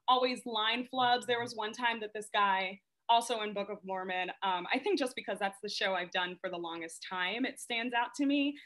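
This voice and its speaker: Bright, animated actress telling stage stories. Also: female voice, fairly high pitch. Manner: animated, laughs often, lots of "like". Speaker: podcast guest, stage actress. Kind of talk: casual storytelling chat.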